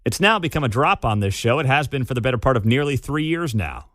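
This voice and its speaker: A man's voice: mid-range voice, very animated, quick pace, fairly bright tone, dry recording. A man hosting a talk radio show, sarcastic and scornful in an opinionated monologue at a studio mic. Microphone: studio microphone.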